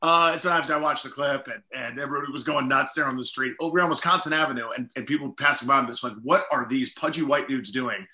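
A man's voice: medium pitch, quick pace, few pauses, pushed and bright, echoey room. A middle-aged man, a comedian guest, telling stories in a rambling, self-deprecating way full of "like" and "you know". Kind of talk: casual storytelling interview.

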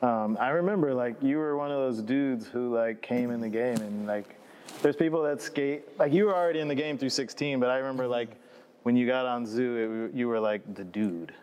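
A man hosting a casual interview, easygoing and quick to laugh, with eager back-channeling. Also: mid-range voice, darkish tone, slight background noise. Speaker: podcast host.

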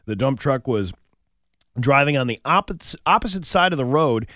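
A man's voice: medium pitch, animated, moderate pace, a bit bright, no room sound. A man hosting a morning radio show, telling jokes and reading local news, often restarting his sentences. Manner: joke-telling, hesitant with restarts. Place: radio studio.

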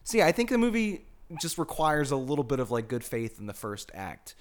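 A man's voice: medium pitch, sing-song, fairly quick. An American man co-hosting a podcast, talking through a movie in a thoughtful, casual way with many "like" fillers. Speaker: podcast co-host. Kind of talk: casual film discussion.

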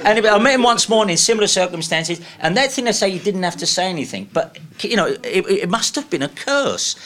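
A man in his sixties tells anecdotes as a guest, laughing as he goes. His voice sits fairly high and swings widely in pitch. The tone is bright and forceful. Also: brisk. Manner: animated storyteller, laughs through his stories. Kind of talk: casual anecdote telling.

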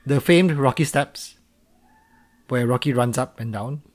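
A man co-hosting a casual podcast, teasing his partner with quick banter during a quiz. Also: medium pitch. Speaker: podcast co-host. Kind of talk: casual chat.

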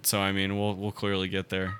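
A young man co-hosting a podcast in casual chat, joking and reacting with animated outbursts. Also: low voice, a little fast, a little hiss or hum. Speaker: podcast co-host.

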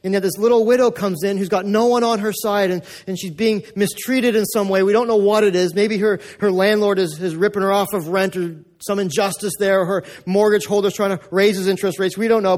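Male pastor, high voice, chatty sermon delivery, repeats for emphasis. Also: darkish tone. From North America. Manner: conversational, repetitive, emphatic.

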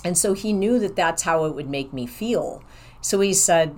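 A woman's voice: lowish voice, measured pace. A woman talking casually about her own life, rambling and candid. She acts out what she and others said. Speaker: professional who sees clients in an office. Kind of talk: casual personal storytelling.

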